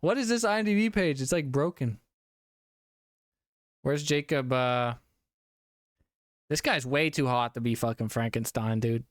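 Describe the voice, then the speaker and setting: A man's voice: mid-range voice, a little slow, long pauses, no room sound, studio quality. A young man streaming a casual movie review, a little tipsy from drinking, rambling and swearing with frequent laughs. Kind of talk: casual live-stream chat.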